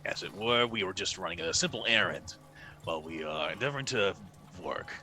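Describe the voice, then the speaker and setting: Deep-voiced man, formal player character. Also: animated, fairly quick, sharp tone. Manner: formal, polite in-character speech.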